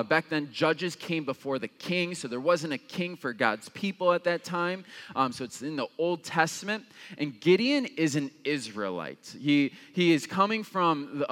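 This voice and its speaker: A young man preaching a casual, conversational sermon as pastor, with lots of fillers and lively jumps in pitch when he acts out reactions. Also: long reverb tail.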